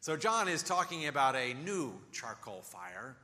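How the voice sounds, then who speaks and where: A man preaching a sermon, telling the story with animation and acting out quoted lines in a soft, low voice. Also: sing-song, a little slow, big-room sound. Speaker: pastor.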